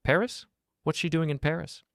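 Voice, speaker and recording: A man voicing a worried, meddling sister-in-law who talks anxiously and pleads, pitched higher than his own voice. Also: lively intonation, normal speed, no echo, studio quality.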